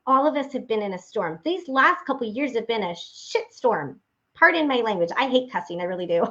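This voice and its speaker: A woman with a somewhat high voice tells her faith story to listeners, animated and earnest. The recording is dull and lo-fi, with the top end rolled off. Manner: animated storyteller acting out remembered dialogue; earnest, direct address to listeners. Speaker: faith-based motivational speaker. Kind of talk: personal testimony talk.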